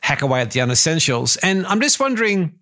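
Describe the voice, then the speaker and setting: A man's voice: a little high, sing-song, fast, sharp tone. A middle-aged man hosting an interview, setting up his questions at length with enthusiasm. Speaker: podcast host. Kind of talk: interview conversation.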